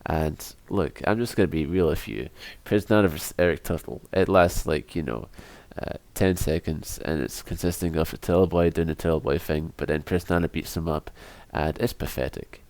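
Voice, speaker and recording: Man, podcast co-host, very low voice, dry close sound, sardonic and swearing. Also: normal speed, few pauses, a little mellow, no room sound. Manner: sardonic, profane, laughs often. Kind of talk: casual podcast chat.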